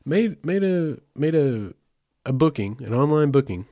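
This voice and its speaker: Chatty host with a mellow, dry voice. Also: male voice, on the high side, big pitch swings, a little slow, no room sound. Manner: loose, chatty, lots of fillers and asides. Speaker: podcast host. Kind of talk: casual storytelling.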